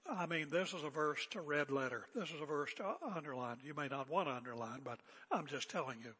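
Older pastor preaching in a reverberant hall. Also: male voice, a little high, a little fast, sharp tone, a little hiss or hum. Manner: conversational, emphatic, joking asides. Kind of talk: expository sermon.

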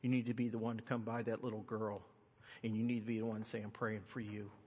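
A middle-aged man preaching a sermon, swinging from loud, high-pitched emphasis to quiet, earnest tones. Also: flat delivery, fast, husky. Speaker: pastor. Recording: long hall reverb.

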